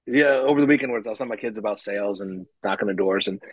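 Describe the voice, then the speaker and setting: A man telling stories from his business career in a casual podcast chat, acting out what people said with animated energy and frequent laughs. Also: fairly low pitch, fast talker, husky, no room sound, muffled recording. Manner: animated, acts out quoted dialogue, frequent laughs.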